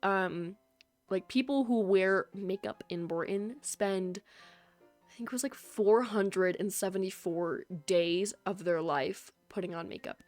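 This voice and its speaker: A woman's voice: mid-range voice, a little slow, a little mellow, faint music behind. A woman streaming a video game, chatting casually with her viewers, teasing and laughing often.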